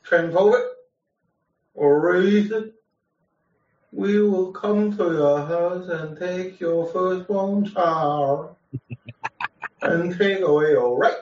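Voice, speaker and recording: A man doing a mocking impression of a female mayor announcing absurd decrees in halting broken English. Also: sits high, a little mellow, exaggerated voice. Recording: distant roomy lo-fi clip.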